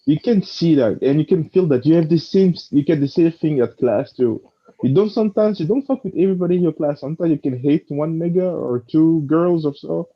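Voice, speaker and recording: A man co-hosting a casual discussion, talking haltingly and searching for his words. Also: mid-range voice. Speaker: co-host. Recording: dull lo-fi audio.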